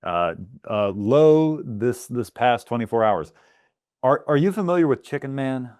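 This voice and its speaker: A man's voice: mid-range voice, expressive, measured pace, darkish tone, no echo, clean studio sound. A man co-hosting a casual podcast, ranting with mock outrage. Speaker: podcast co-host. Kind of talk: casual chat.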